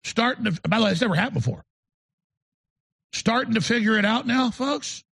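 Gravelly high-voiced man ranting. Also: animated, fairly quick, a bit bright. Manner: emphatic, rambling, repeats words. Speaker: show host. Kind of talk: talk radio monologue.

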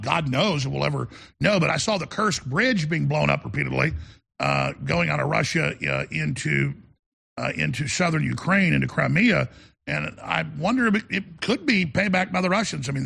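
A man's voice: fairly high pitch, creaky, bright, forceful tone, slightly rough. A man hosting a call-in radio show, talking in a rambling, emphatic way and often repeating words. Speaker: talk radio host.

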